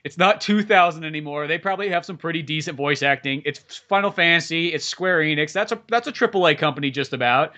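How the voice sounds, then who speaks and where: Bright-voiced, profane man. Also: on the high side, fast, hardly any pauses. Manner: profane, animated, mocking impressions. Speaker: podcast host. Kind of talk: casual chat.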